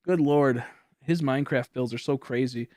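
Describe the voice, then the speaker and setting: A man's voice: medium pitch, normal speed, darkish tone, dry recording, studio quality. A young man chatting casually with viewers on a live stream, rambling and laughing often.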